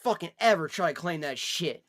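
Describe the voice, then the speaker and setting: On a casual live stream, a man scolds someone in profane rants, swinging from low, weary sighs to loud yelling. His intonation is lively and he talks fairly quickly.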